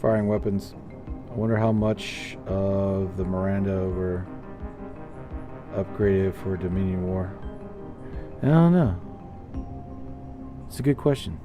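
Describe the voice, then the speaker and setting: A man chatting casually while streaming a space game, rambling and animated as he tells stories. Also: low-pitched, a little slow, long pauses, soft background music. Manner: rambling, animated storytelling with playful put-on voices. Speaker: gaming streamer. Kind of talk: casual gameplay chat.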